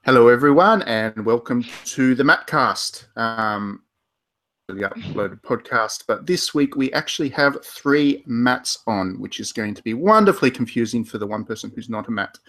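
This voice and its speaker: Bright-voiced man hosting a podcast. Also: medium pitch, animated, moderate pace. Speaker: podcast host. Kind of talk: casual podcast introduction.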